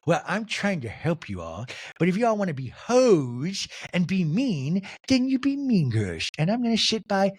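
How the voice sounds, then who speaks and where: A man's voice: high voice, wildly swooping pitch, normal speed, husky, no room sound, pitched above the performer's own voice, full character voice. A breezy, chirpy woman with a raised, bouncy voice, as a man puts her on. The recording is dry and close. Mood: defensive.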